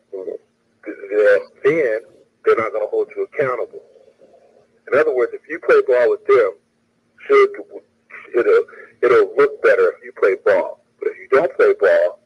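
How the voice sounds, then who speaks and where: Husky-voiced man, muffled lo-fi sound. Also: fairly low pitch. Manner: repeats phrases, halting restarts. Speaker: show host. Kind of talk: casual live commentary.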